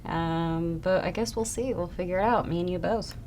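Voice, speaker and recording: A young adult woman answering fan questions in a casual, chatty way, often trailing off softly. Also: lowish voice, moderate pace. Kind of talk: casual Q&A chat.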